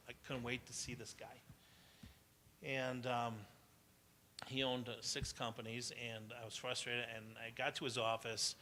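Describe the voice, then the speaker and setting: A man's voice: medium pitch, little pitch movement, a little slow, sharp tone, slight background noise. A man speaking to entrepreneurs at a live business event, chatty and anecdotal, laughing often and asking the audience questions. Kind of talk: motivational talk to entrepreneurs.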